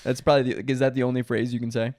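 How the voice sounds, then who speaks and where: A man's voice: mid-range voice, little pitch movement, rapid-fire, darkish tone, no room sound, clean studio sound. A young man co-hosting a podcast in casual chat, teasing and playful. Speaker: podcast co-host.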